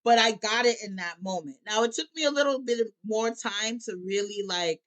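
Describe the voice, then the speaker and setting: A woman's voice: mid-range voice, moderate pace, fairly bright tone. A woman, a musician and life coach, speaking candidly as a guest and at times tearful as she tells of hard years. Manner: emotional, laughs through tears, acts out her own thoughts. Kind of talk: candid personal conversation.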